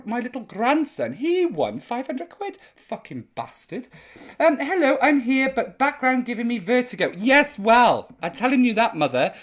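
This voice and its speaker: Speaking in a mid-range voice, an older woman runs a live stream and reads out comments from viewers. Her manner is cheeky and full of swearing, she rambles, and she seems slightly tipsy.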